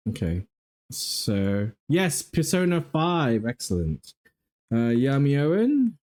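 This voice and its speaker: A man's voice: mid-range voice, sing-song, takes it slowly, darkish tone. A man hosting a casual livestream, telling exasperated, profane stories while reviewing game footage. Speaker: livestream host.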